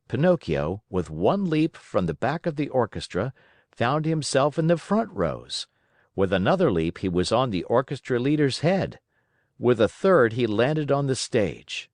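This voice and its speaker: A man narrating a classic children's story for English learners, reading in an expressive, lively way. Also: medium pitch, measured pace, dry recording, clean studio sound.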